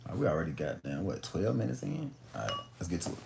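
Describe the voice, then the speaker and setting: Young man, laid-back profane live-stream chat, very deep, dark tone, echoey room. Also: sing-song, quick pace, creaky, a little hiss or hum. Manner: laid-back, profane, self-hyping slang. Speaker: live streamer reading a book aloud. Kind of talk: casual live-stream chat and book reading. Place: at home, in bed. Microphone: phone on a live stream.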